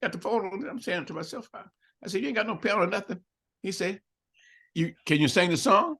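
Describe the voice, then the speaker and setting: A man's voice: high voice, expressive, fairly quick, fairly bright tone, slightly rough. An older man telling a story in an interview, acting out both sides of the dialogue and laughing often. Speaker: interview guest.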